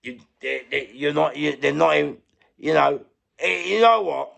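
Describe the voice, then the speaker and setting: Gravelly London man telling a rambling story. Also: a little high, moderate pace, a bit bright. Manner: rambling, repeats himself, swears freely, searches for words. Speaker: interview guest, former prisoner. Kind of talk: candid storytelling in an interview.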